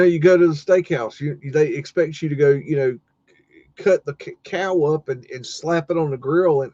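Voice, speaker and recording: A man's voice: high voice, mellow, dry recording. A man hosting a live stream, telling a rambling story full of cursing and restarts, sounding exasperated. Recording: dull lo-fi dry sound.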